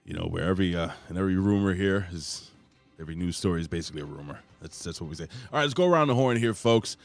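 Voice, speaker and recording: A man's voice: low-pitched, lively intonation, rapid-fire, creaky, dry recording, soft background music. A man hosting a casual wrestling podcast, talking in a boisterous, hype-man way with plenty of swearing. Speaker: podcast host.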